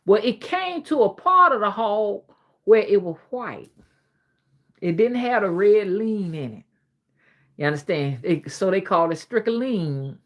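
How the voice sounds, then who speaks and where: Folksy Southern woman with lively pitch. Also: unhurried. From Alabama. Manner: folksy, old-fashioned Southern talk, chuckling. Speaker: livestream host. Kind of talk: casual livestream chat reading comments.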